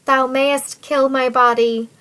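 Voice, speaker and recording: Brief: steadfast captive young woman, woman reading, calm defiance, slow. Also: high-pitched, smooth, exaggerated voice, poor audio. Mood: resolute. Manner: calm, resolute, dignified. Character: steadfast young woman defying her captor.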